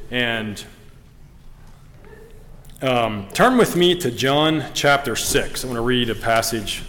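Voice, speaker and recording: A man preaching a sermon, earnest and halting, with frequent ums and restarts, reading scripture aloud. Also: mid-range voice, fairly bright tone, slight background noise. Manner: reads scripture in King James wording. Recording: long reverb of a hall.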